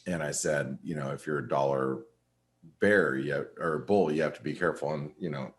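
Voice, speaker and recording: Middle-aged guy, really low voice, chatting about trades on a webinar, keeps restarting his sentences. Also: moderate pace. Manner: rambling, with frequent restarts and fillers. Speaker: webinar host and market analyst. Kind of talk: casual trading webinar talk.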